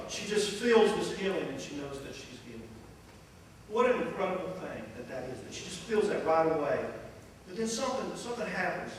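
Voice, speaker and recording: Animated preacher in an echoey hall. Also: male voice, high-pitched, distant mic, a little hiss or hum. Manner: animated, storytelling, acts out voices. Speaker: pastor. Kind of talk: sermon.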